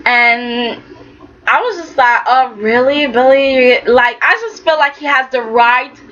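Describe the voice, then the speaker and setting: A young woman casually recapping a soap opera, animated and chatty, slipping into quick impressions of the characters. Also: high-pitched, dull audio.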